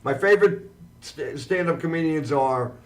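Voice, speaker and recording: Male talk-show host, high and lively, chatty, heard a little off-mic. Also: recorded from a distance. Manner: loose and chatty, quick to laugh. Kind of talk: casual chat.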